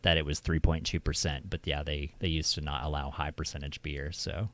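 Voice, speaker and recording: A man's voice: extremely low pitch, level tone, fairly quick, a bit bright, slight background noise. A man from Oklahoma hosting a stream, chatting casually with many fillers and laughs. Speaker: streamer host. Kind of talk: casual chat.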